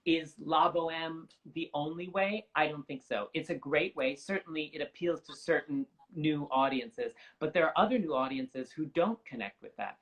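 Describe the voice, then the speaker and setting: A man's voice: fairly high pitch, moderate pace, hardly any pauses, a bit bright, poor audio. A young man speaking as an opera singer guest in an interview, articulate, earnest and reflective. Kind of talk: conversational interview.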